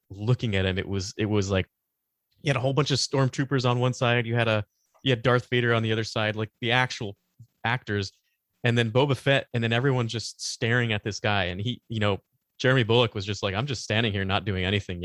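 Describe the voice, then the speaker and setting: A man's voice: medium pitch, fairly even intonation, a little fast, fairly bright tone, dry recording, studio quality. A man co-hosting a podcast, talking casually and rambling, often stopping to search for words and laughing along. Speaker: podcast co-host. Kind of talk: casual chat.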